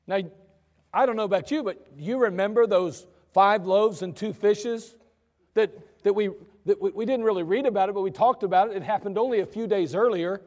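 A man preaching from the pulpit with a high, light voice and a loose, conversational delivery. His words trail off into a long church reverb. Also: normal speed. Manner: conversational, animated storytelling. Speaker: pastor. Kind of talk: sermon. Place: church sanctuary.

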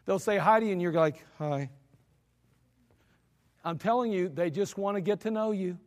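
Blunt high-voiced preacher man, echoing hall. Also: quick pace. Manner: blunt, exhorting and scolding. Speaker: pastor. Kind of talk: sermon.

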